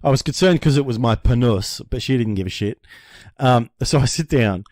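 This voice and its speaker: A man telling a story in casual podcast chat. He swears freely and tells it in an animated way. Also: medium pitch, moderate pace. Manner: animated, profane storyteller who acts out panicked voices. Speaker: podcast co-host.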